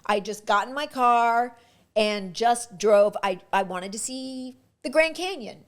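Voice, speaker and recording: A middle-aged actress telling stories in a casual interview, animated, restarting her sentences and acting out what people said. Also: on the high side, unhurried. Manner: animated, acts out quoted dialogue, frequent restarts. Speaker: guest actress.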